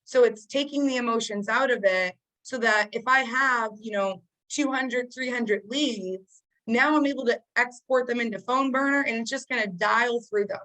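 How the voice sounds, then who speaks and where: A woman's voice: on the high side, moderate pace, sharp tone, rough recording. Upbeat woman coaching sales agents. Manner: casual, upbeat coaching with frequent fillers. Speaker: sales trainer. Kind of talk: training call. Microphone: video call.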